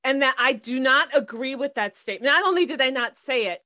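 Woman, high lively voice, expressive, casual chat, dry sound. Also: fairly quick, no room sound. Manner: expressive, laughs often, riffs on jokes.

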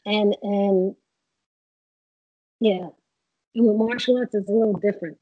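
A woman guest in a casual interview, telling animated stories and acting out what people said. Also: mid-range voice, a little slow, husky, no room sound, muffled recording. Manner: animated storyteller, acts out quotes.

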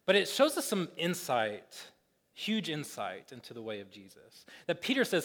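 A man's voice: on the high side, big pitch swings, normal speed, fairly bright tone, long reverb tail. A man preaching a sermon as pastor, talking in a loose conversational way with lots of fillers and playful retellings. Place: church sanctuary.

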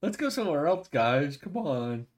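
A man's voice: a little high, sing-song, moderate pace. A man in casual chat who mostly answers with short replies, laughs and jokes, swearing casually.

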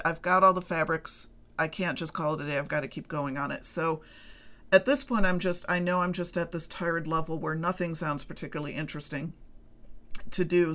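A woman's voice: lowish voice, a bit bright. A middle-aged woman hosting her own podcast, talking casually to listeners in a chatty, rambling, self-deprecating way. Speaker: podcast host. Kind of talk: casual solo podcast chat.

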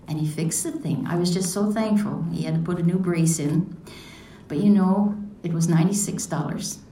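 A woman's voice: on the low side, mellow, a little hiss or hum. A woman giving a personal devotional talk, reflective and asking many questions as she reads scripture and tells a story. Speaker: devotional speaker. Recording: echoey room, mic at a distance.

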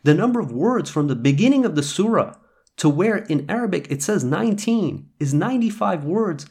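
A man teaching scripture on his podcast, his voice on the higher side and a little husky. He talks earnestly, swinging his pitch up and down as he reads and explains verses. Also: animated, normal speed, darkish tone. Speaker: podcast host. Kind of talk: religious teaching talk.

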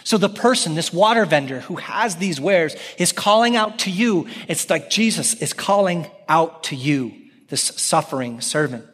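A man in his thirties preaching a sermon as pastor, animated and calling out scripture with raised voice. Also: fairly high pitch, normal speed, husky. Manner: animated, calls out scripture loudly. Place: church sanctuary. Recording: long reverb of a church hall.

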